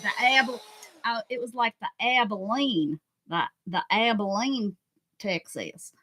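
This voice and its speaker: A woman's voice: fairly high pitch, slow pace, bright, forceful tone. Chatty woman live-streaming her art. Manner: chatty, talks to viewers in chat while working; playful, exclaims and jokes. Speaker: livestreaming art journal creator. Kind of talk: casual live-stream chat while crafting.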